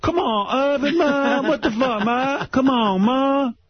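A man voicing a scared teenage boy who pleads with a bully in street slang, drawn-out and whiny. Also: very high voice, a crowd in the background, voice pushed up. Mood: pleading. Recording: dull lo-fi radio broadcast.

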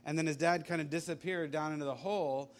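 A man's voice: on the high side, fairly even intonation, fast talker. A man preaching a sermon in a conversational, rambling way, full of asides and illustrations. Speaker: pastor.

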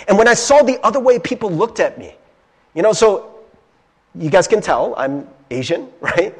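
A man's voice: high voice, animated, normal speed, slightly rough. A young man from Ohio preaching a conversational sermon, earnest and confiding, often checking in with his listeners. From Ohio, USA.

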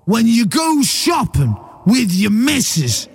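A man impersonating a comedian's stage persona, a bored husband ranting slowly with a Liverpool accent. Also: very high voice, huge pitch swings, gravelly, husky, voice pushed up, exaggerated voice. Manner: slow, drawn-out, shouty.

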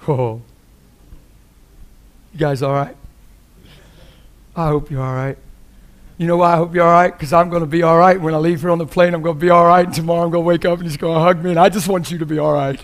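High-pitched guy preaching in a church, goes from hushed to loud joking, laughs a lot. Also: fairly even intonation, quick pace, pauses often. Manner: passionate, shifts between quiet intensity and loud joking; laughs often while preaching. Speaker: visiting preacher. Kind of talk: sermon.

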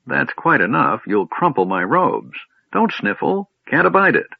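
A man's voice: medium pitch, sing-song, unhurried, vocal fry, slightly rough, dry recording, voice pushed up, heavily acted. A man voicing a vague, fussy old male wizard who rambles absent-mindedly and gets huffy. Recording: tinny phone-like line, dry.

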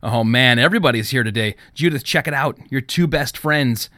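A man voicing a hyper, teasing teenage boy who talks in a loud, excitable way, reading an audiobook. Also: medium pitch, moderate pace, no echo, studio quality, lightly acted.

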